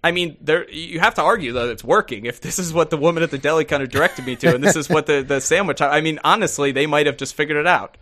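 Male co-host, bright voice, slightly high, rambling casual chat with stop-start phrasing. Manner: rambling, halting restarts. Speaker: podcast co-host.

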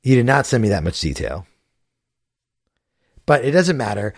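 A man's voice: mid-range voice, very animated, normal speed, no echo. Male podcast co-host, laid-back and hesitant, dry close sound. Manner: easygoing, hesitant, filler-heavy. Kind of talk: casual chat. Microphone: remote call.

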